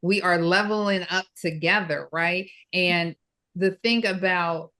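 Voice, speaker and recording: Woman co-host, lowish voice, reflective, casual chat, keeps asking "right?". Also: measured pace, pushed and bright. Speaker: podcast co-host.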